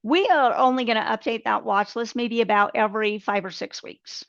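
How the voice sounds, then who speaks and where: A woman's voice: fairly high pitch, moderate pace, vocal fry, a bit bright, no room sound. A woman trading coach teaching a live webcast, talking through charts step by step in a conversational way. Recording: dull, dry webcast audio.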